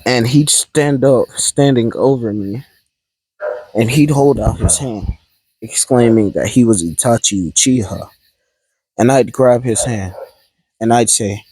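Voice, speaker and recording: A man's voice: lowish voice, unhurried, a little mellow, slight background noise, rough recording. A man casually telling a fan-fiction story in a rambling, hesitant way, often correcting himself.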